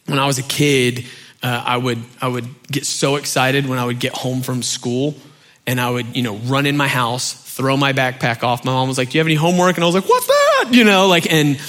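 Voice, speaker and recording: A middle-aged man preaching a sermon in a loose, conversational way, full of fillers, dropping soft for key points. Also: mid-range voice, moderate pace. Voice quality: animated storyteller, acts out shouting parents. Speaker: pastor.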